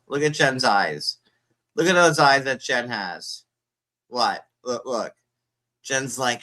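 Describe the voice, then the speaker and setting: Man with a bright, mocking delivery. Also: medium pitch, takes it slowly. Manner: crude, mocking, puts on silly voices for others. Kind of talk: casual gossip commentary.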